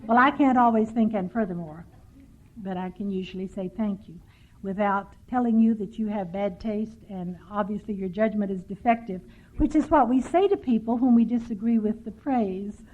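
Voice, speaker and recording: A woman's voice: mid-range voice, moderate pace. Older woman telling wry stories on lo-fi tape. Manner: dry self-mocking humor, storytelling. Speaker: workshop speaker. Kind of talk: recovery workshop talk. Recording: tinny lo-fi 1990s tape.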